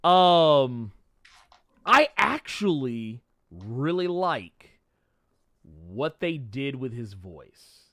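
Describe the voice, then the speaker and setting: A man's voice: medium pitch, big pitch swings, very slow, a bit bright, no room sound, clean studio sound. A man co-hosting a podcast, chatting casually about a movie with a joking, profane manner and many restarts. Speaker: podcast co-host. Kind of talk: casual movie review chat.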